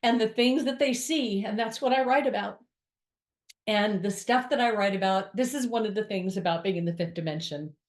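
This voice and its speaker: A woman's voice: mid-range voice, moderate pace. Earnest woman in an echoey room. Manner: earnest and confessional, with candid asides. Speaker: spiritual speaker. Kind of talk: spiritual monologue to viewers. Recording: roomy echo.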